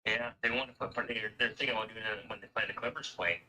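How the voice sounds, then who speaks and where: A man's voice: lowish voice, fairly even intonation, quick pace, pushed and bright, rough recording. A man from Canada chatting casually, rambling and swearing as he rants about everyday costs. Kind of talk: casual chat.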